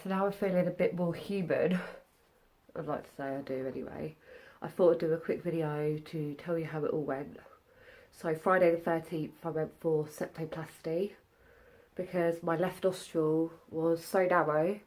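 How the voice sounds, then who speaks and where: A young woman talks through her recovery in a chatty, candid way. Her voice sits a little low and sounds stuffed up, and she breaks off now and then to catch her breath. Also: fairly even intonation, moderate pace, darkish tone. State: stuffy nose, short of breath. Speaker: vlogger. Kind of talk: casual vlog recovery update.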